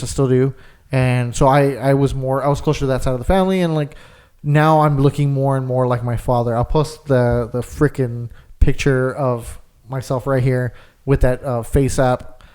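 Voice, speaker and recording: A man's voice: mid-range voice, dark tone, smooth. Rambling young man telling a story. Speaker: podcast co-host. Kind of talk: casual chat.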